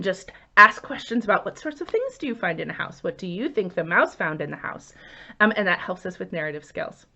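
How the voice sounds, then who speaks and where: A woman children's librarian leading a story time lesson, animated and singsong, asking the children questions as she goes. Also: lowish voice, a little fast, lo-fi sound.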